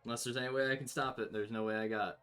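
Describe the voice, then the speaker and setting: A man's voice: medium pitch, fairly even intonation, very fast, fairly bright tone, clear, resonant tone, soft background music. A man playing a tabletop game, chatting casually and joking sarcastically. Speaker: player.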